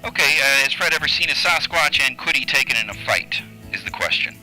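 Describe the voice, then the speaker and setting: Bright, upbeat man screening callers. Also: medium pitch, very animated, fairly quick, soft background music, poor audio. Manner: upbeat, repeats callers' questions. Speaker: call screener. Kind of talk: call-in show phone screening.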